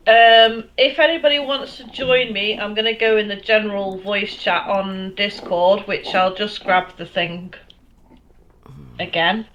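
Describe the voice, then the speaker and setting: Woman from the north of England co-hosting an online chat, bright voice, chatty with plenty of fillers, dull lo-fi recording. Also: medium pitch, fairly even intonation, measured pace, a little hiss or hum. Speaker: podcast co-host. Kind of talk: casual chat.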